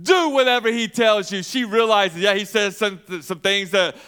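A man's voice: high voice, moderate pace, pushed and bright, clear, resonant tone. A male pastor preaching a sermon, asking questions and answering them himself, with emphatic repetition.

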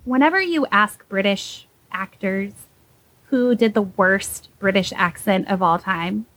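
A young adult woman on a podcast, giving animated, sarcastic commentary with sudden leaps in pitch when she mocks something. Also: a little slow, rough recording. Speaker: podcast co-host.

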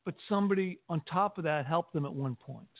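Measured, formal-spoken man, tinny line. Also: fairly high pitch, dry recording. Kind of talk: casual discussion. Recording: tinny phone-like call audio, dry.

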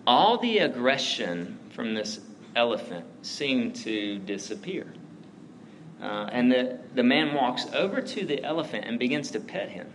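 A man's voice: medium pitch, sing-song, measured pace, fairly bright tone, a little hiss or hum, low-quality recording. Easygoing male preacher telling a story. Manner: conversational, lots of fillers like "like" and "right?". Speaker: pastor. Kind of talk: casual sermon storytelling.

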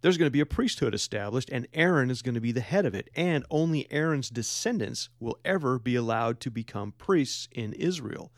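A man's voice: mid-range voice, animated, a little fast, few pauses, no echo, studio quality. A man hosting a devotional podcast, reading scripture and explaining it in a plain, conversational way. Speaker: podcast host and Bible teacher.

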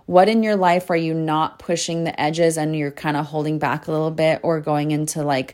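A woman's voice: low-pitched, a little mellow. A young adult woman hosting her own podcast, talking earnestly and from the heart, with lots of "like" fillers. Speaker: podcast host and spiritual coach. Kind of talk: casual podcast monologue.

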